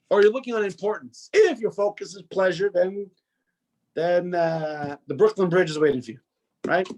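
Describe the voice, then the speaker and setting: A man teaching a religious class in a loose, conversational way, often restarting sentences and putting questions to the students. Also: high-pitched. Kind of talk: informal classroom lecture.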